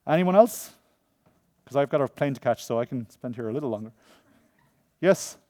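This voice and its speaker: A man giving a conference talk and taking audience questions, jokey and animated, often telling funny stories and acting out the voices of the people in them. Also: mid-range voice, normal speed, no echo. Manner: animated, acts out quoted voices. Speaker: conference speaker. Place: conference room before an audience.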